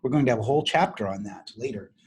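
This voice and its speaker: A middle-aged chemistry professor lectures a university class, explaining step by step while often restarting phrases and clearing his throat. He talks very fast at a medium pitch.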